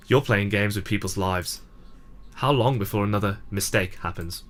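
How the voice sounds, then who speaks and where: Blunt low-voiced man. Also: expressive, normal speed, sharp tone. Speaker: YouTuber voicing the player character. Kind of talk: fan voice reading of a game.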